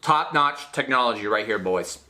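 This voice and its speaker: A young man hosting a comedy segment, sarcastic and excitable, swinging from loud to soft in a small studio. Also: mid-range voice, moderate pace, background noise. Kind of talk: comedic rant. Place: small studio with blue sheet backdrop.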